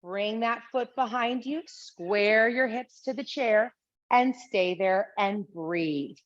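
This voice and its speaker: A woman teaching a chair exercise class, calmly and steadily cueing each breath and movement. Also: medium pitch, slow pace. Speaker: Pilates instructor. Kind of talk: guided exercise class instruction. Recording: slightly dull lo-fi sound.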